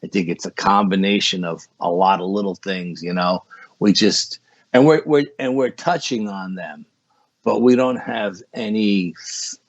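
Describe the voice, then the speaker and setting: A man's voice: sits low, measured pace, no echo. A man, a guest on a podcast, telling a story in a casual, rambling way and saying 'you know' often. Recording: dull lo-fi sound.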